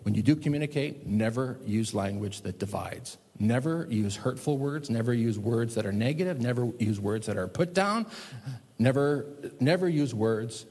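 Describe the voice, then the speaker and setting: Husky-voiced man preaching in a big hall. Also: medium pitch, normal speed. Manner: animated preaching, big swings between loud and hushed. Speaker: pastor. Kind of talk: sermon. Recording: long hall reverb.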